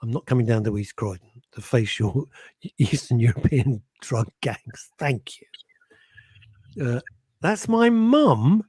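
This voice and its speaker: A man co-hosting a radio chat show in a joking, lively way, his pitch swinging up and down as he talks. His voice has a husky edge, and the studio sound is dry and close. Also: unhurried, no room sound. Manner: animated, jokey, laughs often. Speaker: radio co-host.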